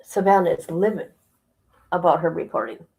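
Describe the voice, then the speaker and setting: A woman's voice: lowish voice, normal speed, creaky, darkish tone, slightly rough, rough recording. A woman hosting a casual livestream, chatting colloquially, reading viewer comments aloud and laughing often. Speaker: livestream host.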